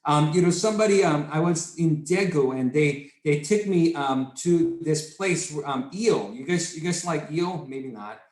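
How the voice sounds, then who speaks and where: A man leading a sales training session, talking in an excitable, repetitive, salesy way. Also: fairly high pitch, unhurried, few pauses. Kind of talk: enthusiastic product training talk. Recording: echoey room.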